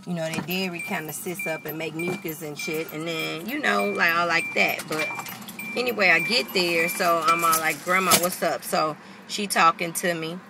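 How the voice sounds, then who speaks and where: A woman's voice: lowish voice, moderate pace, music in the background. A woman vlogger telling a story casually to the camera, swearing freely and acting out the people she quotes. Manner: animated, profane, acts out quotes.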